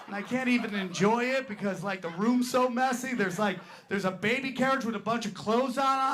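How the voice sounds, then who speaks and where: On a club stage, a stand-up comedian runs through a crude, rambling set, tossing "right?" into his story again and again. His voice is high and fairly bright, animated, at a normal speed. The live club recording carries crowd noise, with the audience laughing and clapping.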